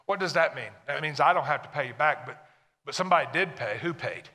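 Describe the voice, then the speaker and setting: A man's voice: mid-range voice, fast talker, pushed and bright, big-room sound. A man preaching a sermon to a congregation, emphatic and full of questions to the listeners. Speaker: pastor.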